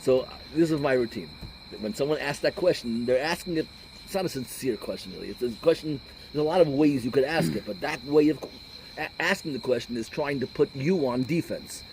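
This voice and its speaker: A middle-aged rabbi talks in a combative, animated way, telling stories as he lectures. He drops Yiddish and Hebrew words as he goes. His pitch sits in a middle range, with faint noise in the background. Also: brisk, poor audio. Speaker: rabbi giving a talk. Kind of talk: informal lecture with storytelling.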